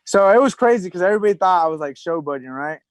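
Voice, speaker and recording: A man's voice: high-pitched, expressive, racing, no echo, poor audio. A man in his thirties, a podcast guest, telling stories in a loose, rambling way full of fillers and restarts. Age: 30s. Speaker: podcast guest, retired pro fighter. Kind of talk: casual chat.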